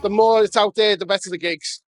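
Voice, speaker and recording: A man's voice: high voice, fairly even intonation, brisk, soft background music. A young Australian man doing a crude, rambling stand-up set and laughing at his own jokes. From Perth, Australia. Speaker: stand-up comedian. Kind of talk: stand-up set and backstage chat.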